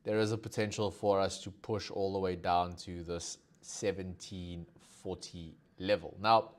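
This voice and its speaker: Hosting a live stream on market analysis, this South African man speaks low with fairly even intonation at a measured pace. His style is casual and filler-heavy, and he keeps inviting viewers to comment.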